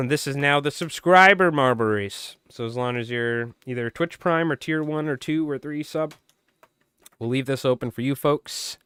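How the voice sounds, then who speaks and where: A man with a smooth, round voice that is wearing hoarse, calling a race like a playful sportscaster on a live stream. He talks close to the mic in a dry, dead room. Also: a little high, measured pace, a bit bright, dry recording. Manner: playful sportscaster-style play-by-play of a marble race. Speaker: fly tying live streamer.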